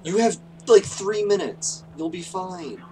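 A man's voice: sits high, measured pace, warm tone, slight background noise, rough recording. A man casually chatting and joking with friends while playing an online game. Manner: laughing, teasing. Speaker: gaming host. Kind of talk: casual gaming chat with friends.

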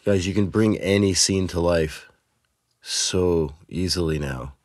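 Man, host, excited software review, deep, gravelly, dry sound. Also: slow pace, no echo. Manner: excited, enthusiastic. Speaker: sound designer and channel host. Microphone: shotgun microphone.

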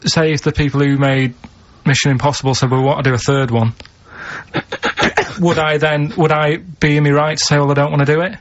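Deadpan man with a Manchester accent. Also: on the high side, fairly quick, lo-fi sound. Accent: Mancunian. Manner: deadpan, rambling. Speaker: radio show regular. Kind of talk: casual radio banter.

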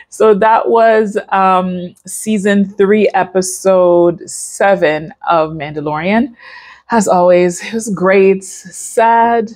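A young woman hosting a reaction video, chatting casually and emotionally to her viewers with many fillers and pauses. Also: mid-range voice, steady tone, a little mellow, faint music behind.

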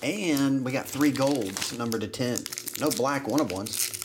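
A man's voice: medium pitch, measured pace, background noise. A man hosting a live trading card break, chatting and joking with viewers as he calls out cards. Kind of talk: casual live box break chat. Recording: loud crinkling of card wrappers.

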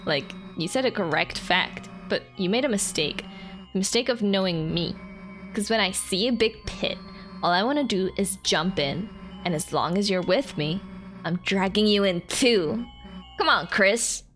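A woman's voice: mid-range voice, lively intonation, measured pace, a bit bright. A young adult woman streaming a game in casual commentary, playful, giggly and self-mocking. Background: faint game music.

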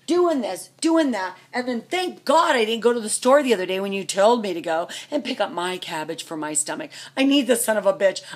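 A woman in middle age unloads her anger in a profanity-laced vlog rant. Her voice is husky and sits a little high. She lurches from loud outbursts to low, muttered fury. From United States. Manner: furious, profane, swings between shouting and low muttering. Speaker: vlogger, trucker's wife. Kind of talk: angry venting rant to camera.

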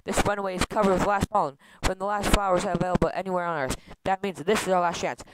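A man rushing through a comic read-through of a film script, stumbling over words and restarting lines. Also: high voice, steady tone. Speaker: script reader. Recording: loud background noise with clicks.

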